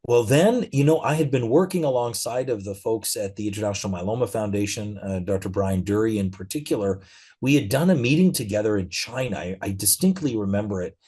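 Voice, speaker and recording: Middle-aged male guest, low mellow voice, easygoing anecdotal delivery. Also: a little fast, husky. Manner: relaxed storytelling with frequent fillers. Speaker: interview guest, physician. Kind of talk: conversational interview.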